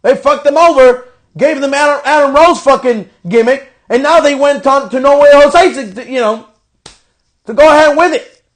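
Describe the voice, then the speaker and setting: High-voiced man ranting angrily. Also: normal speed. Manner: frustrated ranting with heavy profanity. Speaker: podcast host. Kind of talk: angry wrestling show review.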